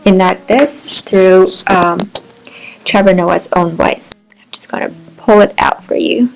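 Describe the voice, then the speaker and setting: A woman talks through a book review in a reflective, wordy manner, with pauses and restarts between ideas. Her voice sits at an ordinary middle pitch. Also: creaky, rough recording. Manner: thoughtful, wordy, with fillers and restarts.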